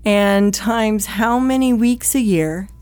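A woman's voice: medium pitch, slow, darkish tone, smooth, no echo. Plain-spoken woman coaching first responders. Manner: direct, plain-spoken, acts out quoted exchanges. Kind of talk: conversational teaching talk.

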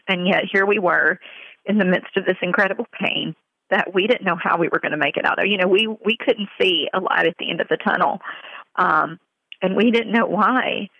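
A woman speaking in an interview as a mother, earnest and halting, with many fillers, on slightly muffled audio. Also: mid-range voice, vocal fry, dry recording. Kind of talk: emotional personal interview.

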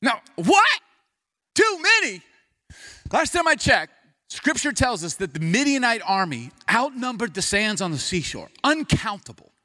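Animated male preacher. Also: sits high, a little slow. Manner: animated storytelling with sudden drops to quiet intensity. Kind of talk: sermon.

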